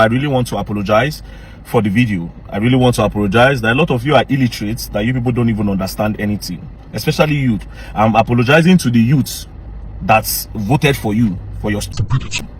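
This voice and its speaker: A man's voice: mid-range voice, a little hiss or hum. A man with a Nigerian Pidgin-inflected English accent, delivering a confrontational, heated rant straight to the camera. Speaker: social media commentator. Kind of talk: angry direct-to-camera rant.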